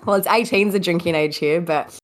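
A woman's voice: on the low side, brisk. A woman from Australia, co-hosting a podcast, sounding congested from a cold and laughing often. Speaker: podcast co-host. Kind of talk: casual chat.

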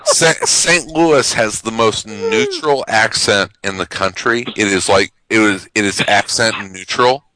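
A man's voice: lowish voice, lively intonation, unhurried, hardly any pauses, bright, forceful tone, no echo, low-quality recording. A man co-hosting a comic book podcast in casual chat, argumentative, with lots of fillers and restarts. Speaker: podcast co-host.

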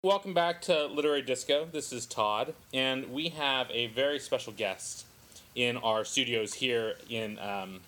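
A man's voice: mid-range voice, unhurried, bright, forceful tone. A man in his forties who grew up in the Southern California desert, co-hosting a podcast and telling a long, self-amused story in casual chat. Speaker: podcast co-host.

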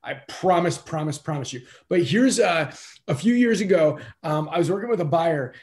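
A podcast host coaches his listeners, pressing his points hard and repeating them for stress. His voice sits high for a man. He keeps the tone of a casual chat. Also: animated, moderate pace, darkish tone.

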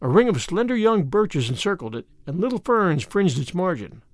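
Expressive male storybook narrator, dry sound. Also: high voice, moderate pace, dry recording. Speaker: audiobook narrator. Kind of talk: scripted narration.

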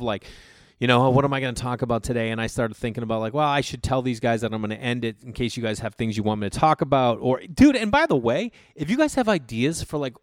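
A man's voice: medium pitch, no room sound. Male podcast host, rambling profane storyteller, dry close sound. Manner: rambling, profane, frequent fillers and restarts. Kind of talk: casual solo storytelling.

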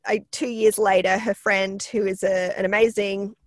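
A woman with a croaky voice, a PR expert chatting as a podcast guest with lots of fillers and restarts. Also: mid-range voice, level tone, moderate pace, dry recording. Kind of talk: casual podcast interview.

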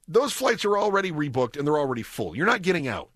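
Bright, lively talk radio host. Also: male voice, sits high, fast, hardly any pauses, dry recording, studio quality. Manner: chatty, wry, conversational. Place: radio studio. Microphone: studio microphone.

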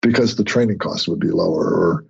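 A man, a guest on an interview podcast, telling stories in a conversational way and getting animated when he acts out other people. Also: deep voice, fairly quick. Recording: husky voice, dull lo-fi audio.

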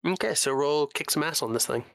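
A man running a tabletop game as game master, narrating at a relaxed, measured pace with frequent fillers. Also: a little high, creaky, no echo.

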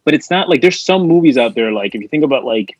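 A man with a slightly husky voice talks through an old film in a loose, rambling podcast chat, leaning on filler words. The recording is dry and a little dull and lo-fi. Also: medium pitch, lively intonation, fast talker, dry recording. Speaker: podcast co-host. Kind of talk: casual movie discussion.

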